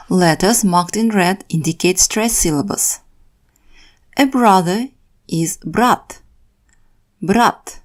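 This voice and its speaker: A woman teaching a beginner vocabulary lesson, saying each word slowly and carefully and then repeating it. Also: mid-range voice. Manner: careful, deliberate pronunciation with repeated words. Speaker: language teacher. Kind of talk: slow scripted vocabulary lesson.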